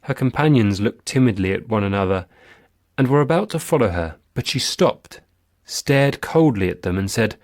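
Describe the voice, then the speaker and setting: A man's voice: on the low side, animated, moderate pace, dry recording. Man narrating a classic tale, dry close sound. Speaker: audiobook narrator. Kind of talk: scripted narration of a classic story.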